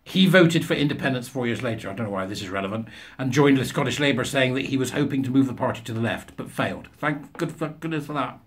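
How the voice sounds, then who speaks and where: A man reads out news articles and pokes fun at them, his asides sarcastic and scornful. His voice sits at an ordinary middle pitch for a man, and he laughs at his own jokes. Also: animated, quick pace. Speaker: commentator. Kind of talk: reading and mocking news articles.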